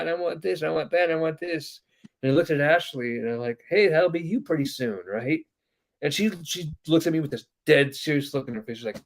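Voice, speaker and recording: Male podcast host, somewhat high-pitched, casual rambling storyteller who fills pauses with "uh.". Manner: rambling, many "uh" fillers, acts out quoted voices.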